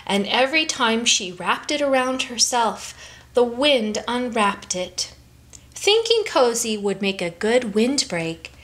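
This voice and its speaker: A woman reading a picture book aloud to children in a slow, expressive way. Her voice is a bit higher than average and moves lively up and down. She takes her time with each phrase. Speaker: children's story time reader.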